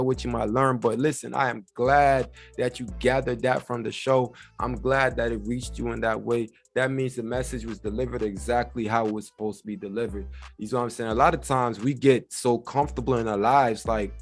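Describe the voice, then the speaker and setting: A man hosting his own vlog, talking casually and jokingly to viewers. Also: mid-range voice. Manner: joking, playful, repeats "you feel me"; uses African American English ("y'all", "ain't"). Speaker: show host. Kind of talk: casual direct-to-camera vlog.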